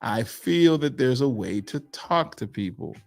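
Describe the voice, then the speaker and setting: A man from Pittsburgh co-hosting a podcast, animated and opinionated, slipping into mimicked voices. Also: mid-range voice, measured pace, vocal fry. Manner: animated, acts out quoted voices while ranting. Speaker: podcast co-host. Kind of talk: casual opinion chat.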